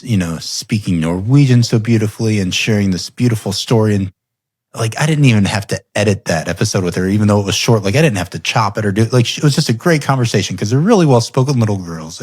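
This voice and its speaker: Deep-voiced man telling a story. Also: husky, no room sound. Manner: animated storyteller, laughs often. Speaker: podcast host. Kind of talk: casual storytelling conversation.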